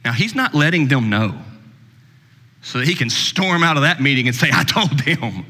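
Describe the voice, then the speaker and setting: Pastor guy preaching, goes quiet and low then climbs up high and loud, churchy echo. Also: expressive, moderate pace. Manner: swings from low soft passages to high emphatic preaching. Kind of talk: sermon. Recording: long reverb in a hall.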